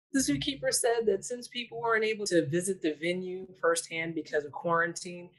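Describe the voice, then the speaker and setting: Low-voiced sassy woman correspondent. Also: poor audio. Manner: sassy, joking asides to the listener. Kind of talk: comic news report.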